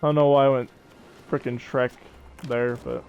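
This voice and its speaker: A young man chats on a gaming live stream in a loose, rambling way, drifting between jokes and tangents and laughing easily. His voice sits at an ordinary middle pitch. Faint music plays under his talk. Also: level tone, darkish tone, clean tone, dull audio. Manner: rambling, joking, quick to laugh. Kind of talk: casual live-stream chat while gaming.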